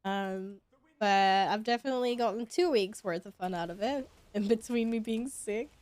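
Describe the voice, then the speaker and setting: A young woman speaks at normal speed in a mid-range voice with a darkish tone and no echo. Streaming a game, she offers casual commentary, chatting with viewers while playing and occasionally swearing.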